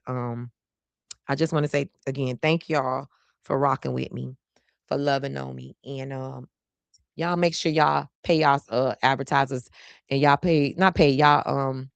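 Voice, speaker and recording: A chatty, playful woman hosts a live stream, speaking to her viewers in a low voice and saying y'all at every turn. The sound is dry and close. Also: gravelly, no echo. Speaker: host of a live stream show. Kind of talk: casual live stream chat.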